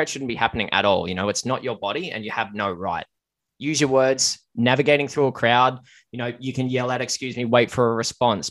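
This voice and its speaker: A man's voice: lowish voice, fairly bright tone, dry recording. A man hosting a casual podcast chat, earnest on serious points and joking with his guests. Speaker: podcast host.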